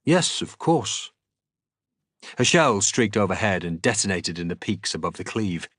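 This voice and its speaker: Low-voiced man narrating a novel dramatically. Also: a little fast, fairly bright tone, no echo, studio quality. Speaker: streamer reading aloud. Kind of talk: audiobook-style novel reading.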